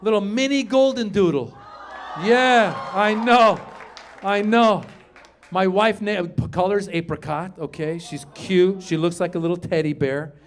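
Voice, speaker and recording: A middle-aged man from Iran performing a stand-up comedy set on a club stage, acting out voices and shouting his punchlines into a handheld mic. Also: sits high, unhurried, a faint crowd.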